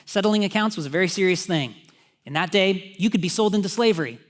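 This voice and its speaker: A man's voice: high voice, fast. A man preaching a sermon in a church, talking conversationally with joking asides to the congregation. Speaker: pastor.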